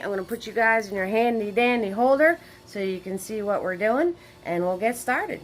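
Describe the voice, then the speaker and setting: A woman's voice: fairly high pitch, lively intonation, normal speed, few pauses, a little hiss or hum. A woman hosting a live painting class online, chatting with viewers and greeting them in a sing-song way. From Washington state. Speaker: paint party host.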